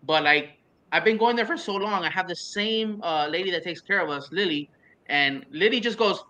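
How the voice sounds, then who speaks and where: Give me a man with a bright, sharp voice pitched a little high, a guest on a casual show. He jokes in an animated way. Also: normal speed, highs cut off. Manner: animated, joking. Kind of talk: casual chat.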